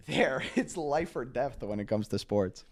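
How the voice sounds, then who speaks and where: Animated young man telling stories. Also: mid-range voice, measured pace. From Canada. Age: young adult. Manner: animated storytelling with many "like" fillers. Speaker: guest, pro soccer player. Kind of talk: casual interview chat.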